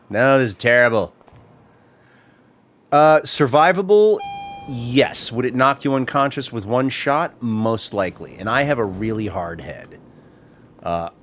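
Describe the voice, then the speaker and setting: A gaming streamer chats casually and jokes at his own expense while playing a tipsy character in a video game. His voice is fairly low with a fairly bright tone, and there is slight background noise.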